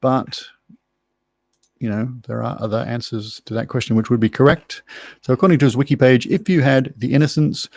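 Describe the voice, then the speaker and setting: Gravelly quizmaster, dry and rambling. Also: male voice, mid-range voice, steady tone, fairly quick, a little mellow, no room sound. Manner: chatty, rambling, self-mocking asides. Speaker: quiz host. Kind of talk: live online pub quiz hosting. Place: room at home.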